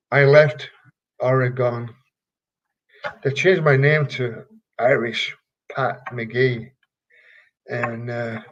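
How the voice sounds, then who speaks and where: Older yorkshire guy, slow halting storyteller, lots of uhs, muffled lo-fi sound. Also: medium pitch. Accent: Yorkshire English. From England. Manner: rambling, halting, many fillers. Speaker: retired wrestler, guest. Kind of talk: casual storytelling interview.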